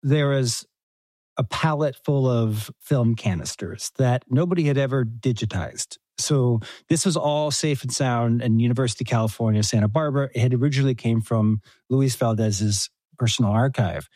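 A man's voice: mid-range voice, moderate pace, dark tone, dry recording, poor audio. A man, a documentary filmmaker, talking earnestly in an interview with many fillers and restarts. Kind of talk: casual interview talk. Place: home room.

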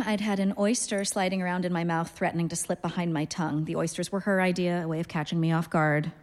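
A woman in her thirties reading a literary story aloud in a dry, deadpan first-person voice. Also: mid-range voice, long reverb tail. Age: 30s. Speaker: narrator, reader.

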